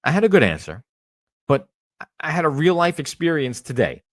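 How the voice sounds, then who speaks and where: A man's voice: on the high side, very animated, a little fast, no echo. A man hosting a podcast, ranting in casual chat with lots of restarts and swearing. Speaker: podcast host.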